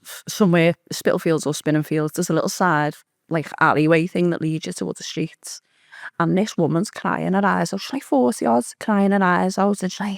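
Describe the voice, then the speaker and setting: A woman's voice: lowish voice, normal speed, vocal fry, no room sound, clean studio sound. A woman telling a story in a casual chat as a podcast guest, swearing freely and acting out the voices of the people in it. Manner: swearing, animated, acts out quoted speech.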